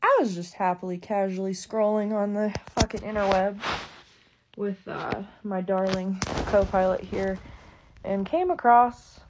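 A woman's voice: mid-range voice, fairly even intonation, a little slow, darkish tone, a little hiss or hum. A woman ranting angrily to camera, swearing constantly and furious. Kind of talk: angry rant to camera.

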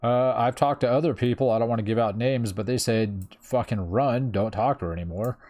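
A man's voice: medium pitch, fairly quick, a little mellow. A man in his thirties telling a personal story in casual chat, rambling with lots of fillers and swearing freely. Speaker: streamer.

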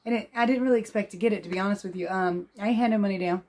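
A woman chatting casually to her phone camera as a vlogger, folksy and quick to laugh. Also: mid-range voice, darkish tone. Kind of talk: casual vlog chat. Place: outdoors at a car lot, then at home.

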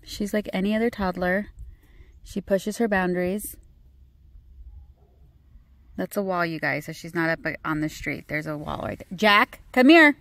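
A woman's voice: on the low side, steady tone, normal speed, creaky, pauses often, no echo. A woman, a mother vlogging her morning and talking to her toddler outdoors. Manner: chatty, scolding then coaxing her toddler. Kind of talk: casual family vlog. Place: outdoors by a street.

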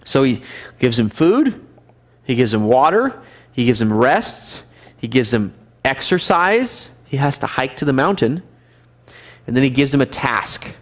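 A man's voice: medium pitch, sing-song, measured pace, pauses often. A man teaching a Bible study class, reading scripture aloud and explaining it in a conversational way, asking the class questions.

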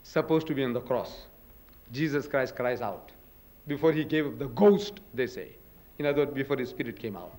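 An older man giving a religious lecture at a podium in a hall, dramatic, with booming quotes and rhetorical questions. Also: moderate pace, a little mellow.

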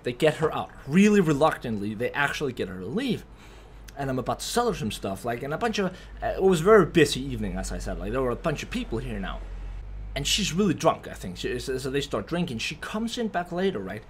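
A young man recounts a story for his vlog in a lively voice that swings high and low. His delivery is animated and full of swearing, and he keeps tacking on "right?". There is a faint hiss of noise behind him. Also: fast talker. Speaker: vlogger.

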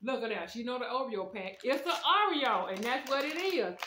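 A woman's voice: fairly high pitch, lively intonation, normal speed, bright, forceful tone, slight background noise. A woman casually reviewing snacks at home, chatting straight to her viewers with lots of slang. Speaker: food review vlogger. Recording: echoey room.

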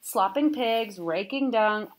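A humble twelve-year-old peasant boy speaks politely and eagerly in a storybook, with a woman putting on his voice. He pleads earnestly with old-fashioned courtesy. The voice stays in a middle pitch. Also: slow, natural voice. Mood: pleading. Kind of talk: reading a storybook aloud.

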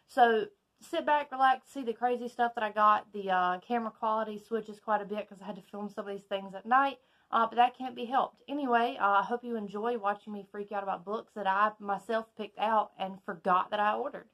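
A woman's voice: mid-range voice, a little fast. Southern woman, chatty book vlogger, gushes over each item, casual unboxing in her bedroom. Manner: chatty, excitable, gushing. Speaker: book YouTuber. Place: bedroom at home.

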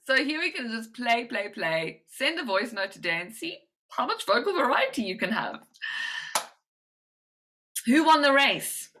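A woman confidence coach giving a lively, demonstrative presentation, coaching her audience with direct instructions and playful swings in pitch and volume. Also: moderate pace, rough recording. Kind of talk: presentation to medical professionals.

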